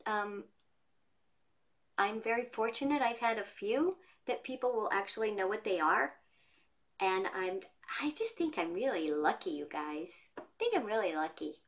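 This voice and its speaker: A woman's voice: medium pitch, normal speed. Chatty woman telling stories. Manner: chatty, lively storytelling. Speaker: voice actress guest. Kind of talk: casual interview chat. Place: home studio.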